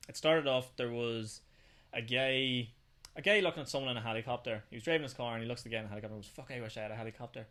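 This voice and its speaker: Young male podcast host, very quick, casual and sweary. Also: medium pitch, a bit bright. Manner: rapid, swearing, storytelling. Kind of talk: casual chat.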